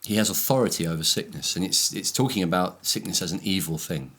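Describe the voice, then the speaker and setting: Deep-voiced man. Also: fairly bright tone. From England, Brighton. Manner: reflective, explaining with slow emphasis. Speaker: church leader discussing the Sunday sermon. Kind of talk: casual chat about a sermon.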